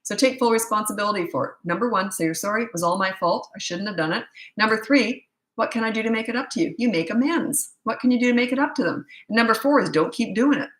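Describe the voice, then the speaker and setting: A middle-aged woman coaching parents in a live question-and-answer chat, blunt and matter-of-fact, with quick asides. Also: fairly high pitch, reverberant, rough recording.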